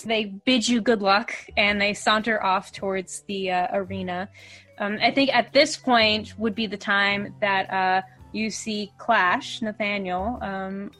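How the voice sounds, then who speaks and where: Woman game master narrating a tabletop game, rambling with fillers, mid pitch. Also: fairly even intonation, unhurried, a bit bright, faint music behind. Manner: rambling, filler-heavy descriptions.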